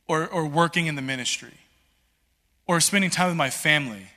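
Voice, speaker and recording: A man preaching a sermon in a conversational, animated way, full of restarts and filler words. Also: on the high side, fairly quick. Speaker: pastor. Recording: long reverb in a large hall.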